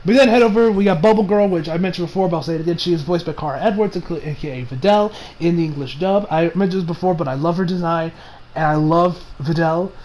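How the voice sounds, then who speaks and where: A man's voice: fairly high pitch, fast talker, a little mellow, poor audio. A young man casually reviewing an anime episode, rambling, swearing and often breaking into laughter.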